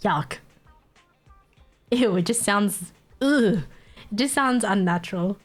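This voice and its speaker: A woman's voice: medium pitch, slow, long pauses, faint music behind. A young Australian woman chatting casually on a live stream, laughing often and poking fun at accents. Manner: giggly, chatty, mocks accents.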